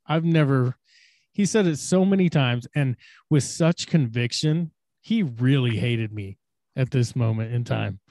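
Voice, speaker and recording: A young man telling a crude, profane story in casual podcast chat, acting out shouted quotes. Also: medium pitch, no room sound, studio quality. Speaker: podcast co-host.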